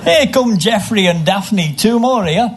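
A man performing a comic story full of literary name puns, with a deadpan delivery, recorded live. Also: high voice, a little slow, heavy background noise. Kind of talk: live comic reading of a pun-filled story.

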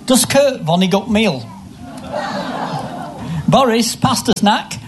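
A man performing a comic story full of literary name puns, with a deadpan delivery, recorded live. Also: sits high, takes it slowly, a loud crowd, heavy background noise. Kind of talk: live comic reading of a pun-filled story.

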